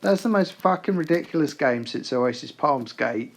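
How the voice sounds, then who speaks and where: A man's voice: a little high, expressive, normal speed. A man giving sarcastic, swearing commentary over his own tank gameplay, mock-quoting his teammate in exaggerated voices. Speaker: gaming YouTuber.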